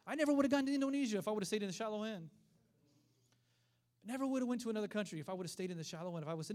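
A middle-aged man preaching a sermon, telling stories in an animated way and acting out the voices of the people in them. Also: high-pitched, rapid-fire, pauses often. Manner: animated storytelling with acted voices.

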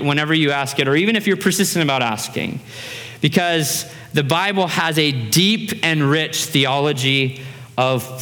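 Male pastor, 30s, bright and fairly high voice, animated conversational sermon in a reverberant hall.

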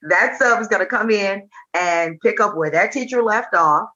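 A woman's voice: medium pitch, moderate pace, dull audio. A woman who does comedy and teaches, chatting as a podcast guest and acting out the people in her stories. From Nashville. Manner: animated storyteller who acts out quotes. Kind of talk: casual interview chat.

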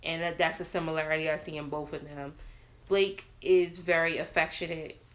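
A woman chatting casually on a podcast, telling animated stories and acting out the voices of the people in them. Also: sits low, normal speed. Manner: animated storyteller who acts out the voices of others.

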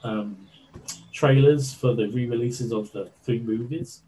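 A man being interviewed, telling a story in a casual, animated way with lots of fillers. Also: mid-range voice, measured pace, slight background noise, rough recording. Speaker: interview guest.

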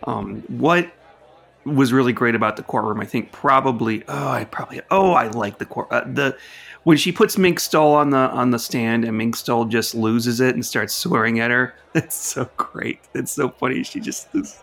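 A man who works as a lawyer, co-hosting a casual film podcast and retelling scenes with animated, laughing energy. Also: mid-range voice, normal speed, creaky.

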